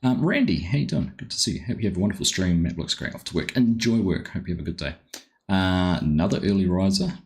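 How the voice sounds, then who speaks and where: Low-voiced man streaming a game. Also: expressive, fast talker. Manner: chatty, greets viewers by name, easily sidetracked. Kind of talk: casual live-stream commentary.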